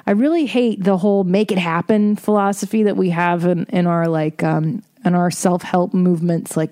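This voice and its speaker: A woman hosts a podcast, talking through a casual story in a chatty, profane way. Her voice sits a little low and sounds mellow and relaxed. She drops wry asides as she goes. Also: moderate pace, few pauses, no echo, studio quality. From Eastern Bloc. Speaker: podcast host.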